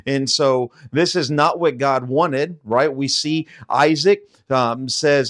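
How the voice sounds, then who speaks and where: Male Bible teacher, mid-pitched, loose conversational delivery with fillers. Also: takes it slowly, few pauses, fairly bright tone. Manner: conversational, frequent fillers and rhetorical questions.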